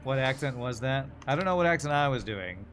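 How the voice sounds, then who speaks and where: A man's voice: medium pitch, lively intonation, a little fast, a bit bright, soft background music. A man streaming a video game, chatting casually and answering viewer questions while he plays. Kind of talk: casual gameplay commentary.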